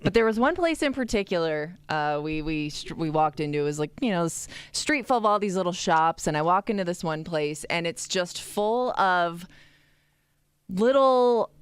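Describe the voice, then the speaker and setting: A woman's voice: on the low side, animated, moderate pace, clear, resonant tone, no room sound. A woman co-hosting a radio show, telling a story in a chatty, casual way. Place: radio studio.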